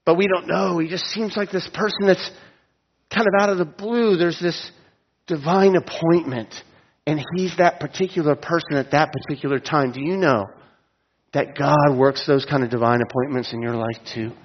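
A middle-aged man preaches a sermon, telling stories, asking listeners direct questions and chuckling at his own jokes. His voice is on the high side with fairly even intonation at normal speed, and the sound is dull with long hall reverb.

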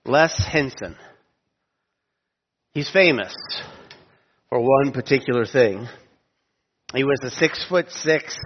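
A man preaching in a reverberant hall. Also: medium pitch. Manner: storytelling with humorous asides, slowing down for emphasis. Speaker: pastor. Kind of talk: sermon. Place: auditorium. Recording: dull lo-fi sound with long hall reverb.

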